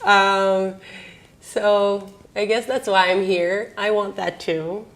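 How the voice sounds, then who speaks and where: A woman's voice: mid-range voice, fairly even intonation, slow pace. A woman in her thirties telling candid personal stories in an interview, rambling and laughing often. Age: 30s.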